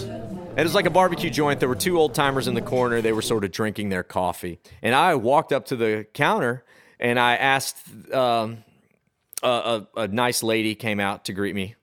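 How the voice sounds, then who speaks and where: A man's voice: medium pitch, fairly bright tone. A man from the Austin area, telling a spooky story on a podcast in a chatty, meandering way. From Texas, Austin area. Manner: chatty, drawn-out, with fillers and restarts. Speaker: podcast co-host. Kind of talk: casual storytelling of a spooky true tale.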